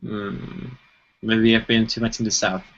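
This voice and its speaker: With a fairly low, flat and unhurried voice, this man co-hosts a lo-fi live web show, rambling casually with lots of fillers and restarts. The stream audio is dull, with a little hiss or hum.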